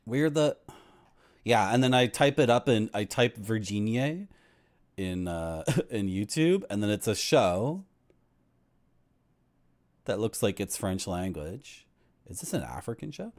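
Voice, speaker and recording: Man, game streamer, animated, ranting commentary, reads on-screen text. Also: lowish voice, slow, pauses often. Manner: ranting, lively. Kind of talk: gameplay commentary and reading game text aloud.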